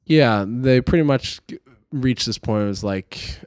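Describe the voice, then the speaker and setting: A man's voice: mid-range voice, a little slow, darkish tone, clear, resonant tone, dry recording, clean studio sound. A young man co-hosting a podcast, chatting casually and rambling through a movie plot with plenty of fillers. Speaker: podcast co-host. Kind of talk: casual chat.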